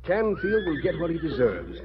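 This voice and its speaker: An honest judge in a 1940s radio western. He questions calmly and firmly, with expressive pitch movement. The recording is dull and lo-fi. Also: normal speed, crowd noise. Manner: calm, probing questions. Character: honest government judge, firm and fair.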